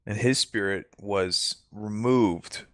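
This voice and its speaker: A man's voice: lowish voice, slow pace, a bit bright, dry recording, studio quality. A man playing a tabletop game, chatting casually with crude, joking banter. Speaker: player.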